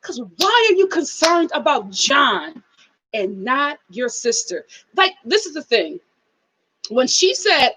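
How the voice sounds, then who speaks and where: A woman's voice: on the high side, lively intonation, normal speed, sharp tone, breathy edge, poor audio. A woman hosting a live reality-TV review in a casual chat style, sassy and emphatic, scolding the people she discusses. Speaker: show host.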